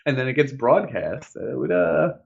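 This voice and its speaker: Man, podcast co-host, casual chat, animated storyteller, lively voice, muffled lo-fi recording. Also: medium pitch, normal speed, gravelly, faint music behind. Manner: animated storytelling, acts out quotes, laughs a lot.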